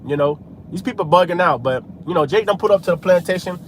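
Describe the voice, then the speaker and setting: A man's voice: sits high, quick pace, a little hiss or hum. A man preaching in a casual street style, scattering "man" and "hey" through his talk while he drives. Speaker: religious vlogger.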